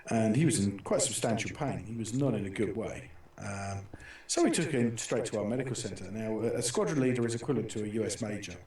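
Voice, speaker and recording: Middle-aged British male host, low-ish voice, rambling anecdotes; distant mic, echoey room. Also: expressive, brisk, hardly any pauses, darkish tone. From Britain. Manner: rambling storyteller with many restarts and fillers. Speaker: talk show host. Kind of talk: casual chat.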